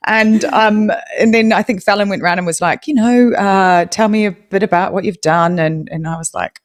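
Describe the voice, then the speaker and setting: A young woman with a New Zealand accent, a podcast guest telling her story in a lively, self-deprecating way with frequent laughter. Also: medium pitch, moderate pace, hardly any pauses. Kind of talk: live audio chat.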